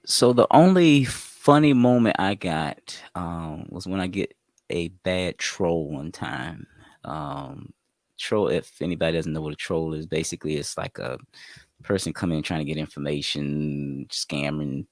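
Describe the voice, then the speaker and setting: A man who DJs, talking on a group call in a slow, measured way with many fillers. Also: extremely low pitch, dry recording, clean studio sound. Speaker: streamer and DJ guest. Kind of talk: casual group call chat.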